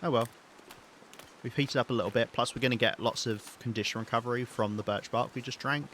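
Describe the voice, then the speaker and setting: A man's voice: mid-range voice, fairly even intonation, a little fast, a bit bright, slight background noise. A British man streaming a survival game, rambling and thinking aloud as he plays, with many ums and restarts. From Britain. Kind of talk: live gameplay commentary.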